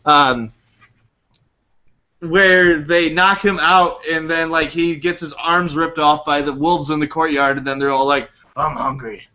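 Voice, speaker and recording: A man's voice: on the high side, steady tone, measured pace, sharp tone, clean tone, dull audio. A man co-hosting a casual gaming podcast, rambling and laughing often. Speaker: podcast co-host. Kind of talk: casual chat.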